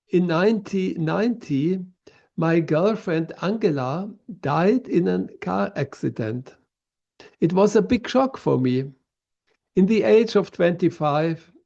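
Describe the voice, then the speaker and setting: A man of about sixty from southern Germany with a German accent, giving a prepared lecture in a slow, measured way. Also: sits high, gravelly, darkish tone, highs cut off.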